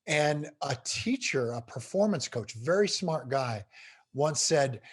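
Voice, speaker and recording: A man's voice: mid-range voice, expressive, moderate pace, husky. A middle-aged man, a guest speaker on a video call, telling a story with building intensity. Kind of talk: storytelling interview answer.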